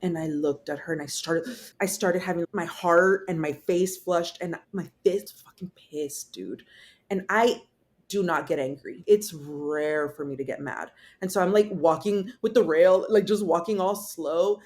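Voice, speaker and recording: A woman's voice: fairly low pitch, unhurried, a little mellow. A woman guest on a podcast telling a personal story in blunt, casual speech, swearing freely and rambling with fillers. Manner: rambling with fillers, acting out quotes.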